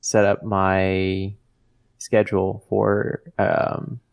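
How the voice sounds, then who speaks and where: A man with a low, gravelly voice that stays flat and even in pitch, co-hosting a podcast. He rambles casually and fills his talk with "like". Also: very slow. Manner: rambling, lots of "like". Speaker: podcast co-host. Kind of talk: casual chat.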